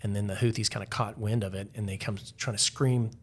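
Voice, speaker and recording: Guy on a podcast telling a story, lowish voice, lots of "like" in there. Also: steady tone, quick pace. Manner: loose, filler-heavy telling with lots of "like". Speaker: podcast guest. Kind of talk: casual storytelling.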